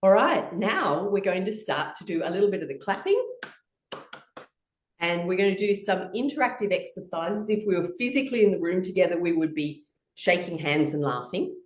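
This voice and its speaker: Brief: woman, laughter yoga instructor, playful and encouraging, video call, distant mic in a roomy room. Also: lowish voice. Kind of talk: guided laughter yoga session.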